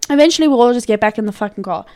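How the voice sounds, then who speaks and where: Profanity-laced high-voiced woman storyteller. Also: rapid-fire. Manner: profane, animated, laughs often. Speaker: podcast co-host. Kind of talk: casual storytelling.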